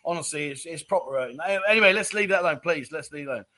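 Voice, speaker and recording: A chatty, jokey middle-aged man keeps calling people "mate" as he reads out viewer comments on his livestream. His voice sits fairly high for a man. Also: lively intonation, racing, bright, forceful tone. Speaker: livestream chat show host. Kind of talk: casual chat reading viewer comments.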